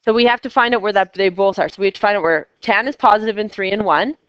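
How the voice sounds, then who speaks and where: A woman's voice: medium pitch, quick pace, smooth, no room sound, dull audio. A woman teaching a math class, chatty and coaxing her students with questions. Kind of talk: classroom lecture.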